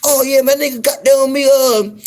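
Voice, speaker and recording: A man voicing a loud, excited Southern man with an Alabama accent who swears constantly. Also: very high-pitched, normal speed, pitched above the performer's own voice.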